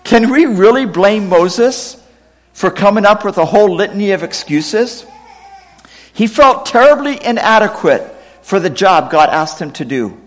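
A middle-aged male pastor delivering a sermon in a high voice that swoops widely in pitch. He acts out scripture quotes with dramatic emphasis. His voice rings with the long reverb of a large hall. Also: lively intonation, unhurried. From United States, raised partly in Pakistan.

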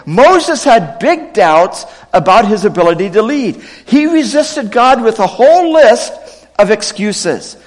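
A middle-aged man preaching a sermon, reading scripture quotes with expressive, dramatic delivery. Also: high voice, a little slow, long reverb tail. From United States, raised partly in Pakistan. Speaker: pastor.

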